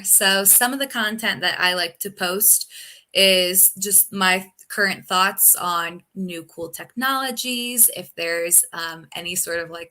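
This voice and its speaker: A young woman who works as a technical recruiter chats in a casual live video call interview, her speech full of ums and you-knows. Her voice is fairly low in pitch, bright and forceful.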